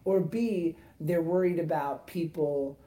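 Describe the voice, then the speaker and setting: A man in his thirties co-hosting a casual podcast, telling animated stories and laughing as he goes. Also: a little high, takes it slowly. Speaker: podcast co-host. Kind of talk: casual chat, storytelling.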